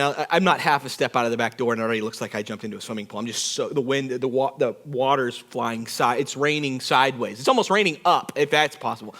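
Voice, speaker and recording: A man preaching a sermon as pastor, telling a personal story with lively acted-out quotes. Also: mid-range voice. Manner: animated storyteller, acts out quotes with shouts and whispers. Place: church.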